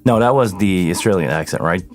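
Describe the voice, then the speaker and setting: A man's voice: sits low, expressive, fairly quick, soft background music. Chatty man hosting a stream. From Canada. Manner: chatty, greets viewers by name, jumps between thoughts. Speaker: live sound engineer hosting a Q&A stream. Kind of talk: casual live-stream chat. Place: home studio with mixing console.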